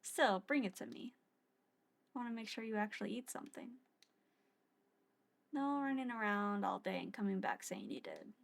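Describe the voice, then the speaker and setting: A woman's voice: mid-range voice, very animated, moderate pace, gravelly, long pauses. A woman voicing a mysterious non-human shopkeeper who teases yet looks out for the hero, dry and bossy. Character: mysterious non-human woman bound to a shop, teasing but caring.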